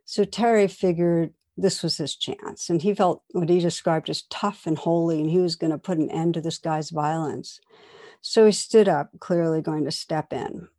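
A woman meditation teacher giving a dharma talk, telling a story in a gentle, reflective way. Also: deep voice, steady tone, normal speed. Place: meditation hall.

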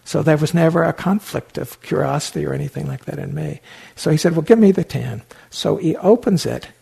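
A man's voice: a little high, fairly quick, gravelly, a little mellow, slightly rough. An older man and meditation teacher telling a story in a dharma talk, wry and anecdotal, with many fillers and restarts.

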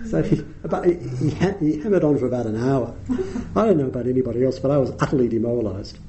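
A man's voice: medium pitch, fast, background noise. A middle-aged man giving a dharma talk as a meditation teacher, telling wry anecdotes and chuckling at his own stories.

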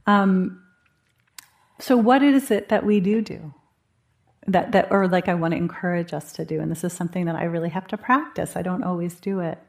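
Woman teaching at a meditation retreat, lowish voice, chatty and a bit funny, thinks out loud. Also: moderate pace. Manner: conversational, gently humorous, thinking aloud. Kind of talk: dharma talk at a meditation retreat.

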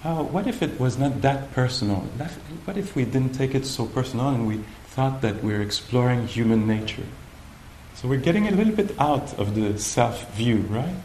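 A male meditation teacher giving a gentle, playful dharma talk with frequent pauses. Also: medium pitch, animated, a little hiss or hum. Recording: roomy hall with faint ambience.

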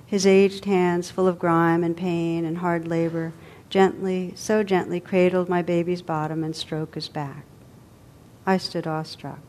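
A woman with a slightly low voice reads a story aloud. Her telling is measured and vivid, and she gives each detail its full weight. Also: little pitch movement, a little mellow, a little hiss or hum. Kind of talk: storytelling reading.

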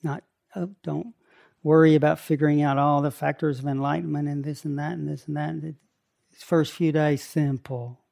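An older man guiding a meditation retreat talk, speaking gently in short phrases with long pauses. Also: a little high, flat delivery, vocal fry. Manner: slow, gentle, pausing between short phrases. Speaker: meditation teacher.

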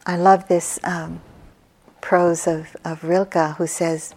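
Slow, low-voiced woman giving a dharma talk. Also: flat delivery. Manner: slow and reflective, with soft pauses and restarts. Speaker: meditation teacher. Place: meditation retreat hall.

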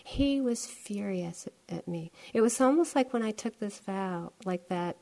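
An older woman from around gives a dharma talk, telling a family story with plenty of laughter and animated swings in her voice. Her pitch sits in a middle range, and she talks like a seasoned meditation teacher. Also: unhurried, creaky.

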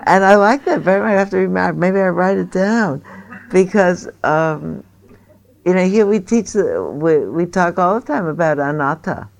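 Woman, meditation teacher, low voice, gravelly fry, chatty, encouraging. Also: animated, normal speed. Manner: warm, encouraging, laughs easily, rambling asides. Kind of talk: group dharma discussion.

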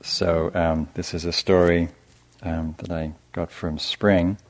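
A middle-aged meditation teacher speaks to a live audience in a soft, gentle way. His voice is very low and deep. He pauses often, with fillers and restarts. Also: flat delivery. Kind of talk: dharma talk to a live audience.

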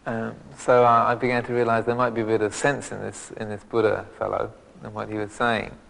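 A man's voice: lowish voice, little pitch movement, fairly quick, vocal fry, a bit bright, long reverb tail, rough recording. A man, a monk teacher, giving a dharma talk with many restarts and fillers and a self-mocking humor. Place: monastery meditation hall.

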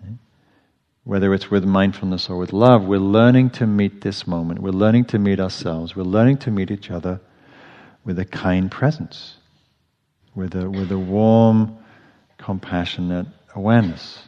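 A man giving a dharma talk as a meditation teacher in a meditation hall, speaking gently and reflectively, often restarting his phrases. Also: low voice, steady tone, normal speed. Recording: dull audio with long hall reverb.

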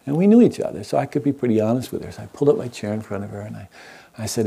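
Man, meditation teacher, husky voice, low, gentle storytelling talk. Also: animated. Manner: gentle, unhurried, checks in with listeners. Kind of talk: storytelling talk to a live audience.

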